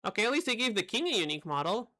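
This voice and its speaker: A woman's voice: medium pitch, big pitch swings, very fast, pushed and bright. A young woman streaming a game live, reacting with wry, sarcastic asides. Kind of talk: live gameplay commentary.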